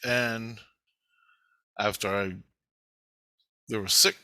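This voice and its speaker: A man's voice: on the low side, fairly even intonation, drawn-out words, pushed and bright, no echo. A man telling a rambling, agitated story in a casual spoken monologue, full of swearing. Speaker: vlogger.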